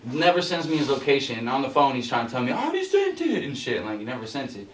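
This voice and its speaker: A man's voice: mid-range voice, fast, slight background noise. Man telling a wild story, roomy mic. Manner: animated, profane, peppered with "bro". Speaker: podcast co-host. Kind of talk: casual storytelling. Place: podcast studio. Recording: roomy sound from a distant mic.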